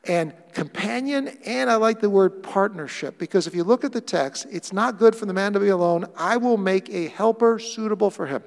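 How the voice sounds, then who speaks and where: A man preaching a sermon as pastor, animated, acting out quoted lines with playful voices. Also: high-pitched, moderate pace, creaky, hardly any pauses, in a large hall.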